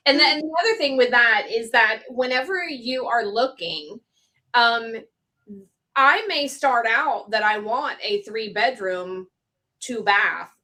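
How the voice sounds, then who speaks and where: A woman's voice: medium pitch, bright, forceful tone, rough recording. A woman host talking casually with many fillers and asking her guests questions. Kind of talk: casual conversation on a show.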